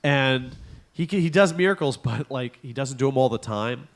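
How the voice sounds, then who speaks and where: A man's voice: medium pitch, expressive, normal speed. A young adult man co-hosting a casual comedy podcast, telling stories animatedly, acting out characters' lines and swearing freely while reading weird news. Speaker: podcast co-host.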